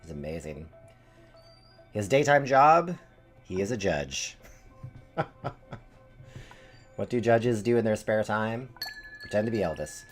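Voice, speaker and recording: Low-voiced male game streamer. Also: big pitch swings, slow, long pauses, soft background music. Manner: chatty, thinks aloud with fillers. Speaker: streamer playing a story game. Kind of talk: casual live-stream commentary.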